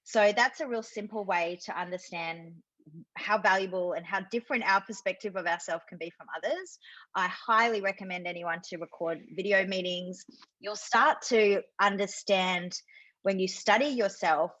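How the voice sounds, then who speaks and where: A woman's voice: medium pitch, a bit bright, no echo. A British woman, a sales coach, explaining ideas in an enthusiastic webinar conversation over a video call. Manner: enthusiastic, explanatory, quick asides. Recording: dull lo-fi video call audio.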